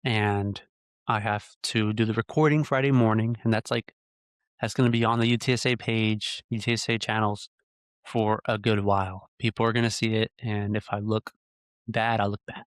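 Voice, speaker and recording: A young man hosting a podcast, telling a rambling personal story in a relaxed conversational way, full of "you know" and "like". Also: fairly low pitch, moderate pace, no room sound, clean studio sound. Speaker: podcast host. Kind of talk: casual solo storytelling.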